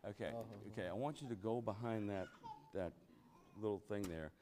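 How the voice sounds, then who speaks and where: Slight background noise accompanies a man whose voice is on the low side and mellow, at normal speed. Leading a church Bible study, he preaches emphatically, exclaims often, and keeps hitting his listeners with rhetorical questions like "you know what?".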